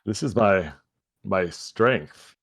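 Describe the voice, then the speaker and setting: A man playing a tabletop game, easygoing and quick to laugh. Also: low voice, expressive, breathy edge, no echo, studio quality. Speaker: player. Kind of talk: casual tabletop game chat.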